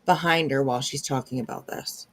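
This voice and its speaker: A woman's voice: a bass voice, fairly quick. A woman hosting a casual commentary stream, chatty and agreeable, with many fillers and restarts. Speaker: commentary channel host.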